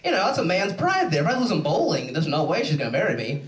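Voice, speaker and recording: Young man doing stand-up, rambling animated stories, jumpy pitch all over. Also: fast. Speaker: stand-up comedian. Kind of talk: stand-up comedy set. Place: show stage in a large room. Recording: echoey room, mic from far off.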